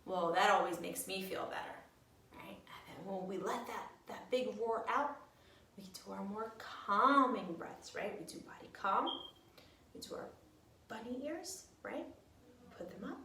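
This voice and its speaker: A woman teacher guiding young children through breathing exercises in a gentle, sing-song, encouraging way. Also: medium pitch, unhurried, a little hiss or hum. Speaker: preschool teacher. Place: room at home. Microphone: camera at a distance. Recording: echoey room, mic far off.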